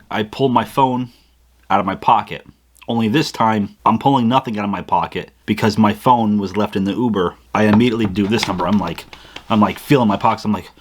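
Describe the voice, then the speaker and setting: A young man with a lowish voice recounts a personal mishap straight to his viewers. He talks casually and animatedly, acts out his own thoughts and often trips over and restarts his words. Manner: animated retelling with frequent restarts and acted-out inner quotes. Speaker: vlogger. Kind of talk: casual storytelling to camera.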